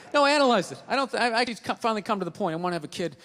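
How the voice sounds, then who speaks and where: A man doing a stand-up routine on stage, ranting loudly with lots of animation. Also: high voice, expressive, rapid-fire. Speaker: stand-up comedian. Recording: long reverb of a live venue.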